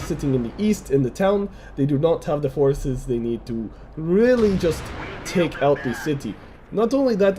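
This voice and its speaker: A man's voice: fairly high pitch, dark tone, a little hiss or hum, poor audio. An American man commentating a game replay in a put-on Russian accent, speaking in stiff, formal phrasing without contractions and often restarting his sentences. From United States. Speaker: gameplay commentator.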